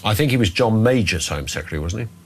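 British male talk radio host, husky, animated pitch, blunt and chatty. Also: fast talker. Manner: blunt, conversational, lively pitch swings. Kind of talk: opinionated phone-in chat.

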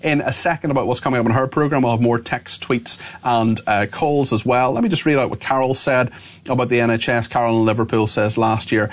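A man hosting a radio phone-in, reading listener texts out loud with a lot of "uh" fillers. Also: medium pitch. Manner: fast, plain reading with frequent "uh" fillers. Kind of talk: reading listener messages on air.

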